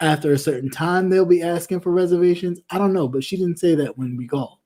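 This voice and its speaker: A man in casual chat, telling a story with lively acted-out voices. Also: on the high side, quick pace. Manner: animated storyteller, acts out quoted voices. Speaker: co-host.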